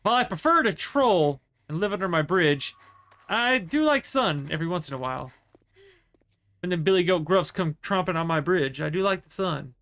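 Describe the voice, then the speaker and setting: Rambling man streamer, a bit high. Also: lively intonation, normal speed, a bit bright. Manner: rambling, storytelling with many fillers. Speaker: livestreamer. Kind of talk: casual chat while gaming.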